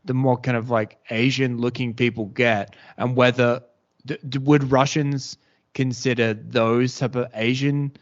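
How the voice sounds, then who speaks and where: A man hosting a casual podcast chat, talking in a rambling, halting way full of restarts. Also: medium pitch, level tone. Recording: dull lo-fi podcast audio.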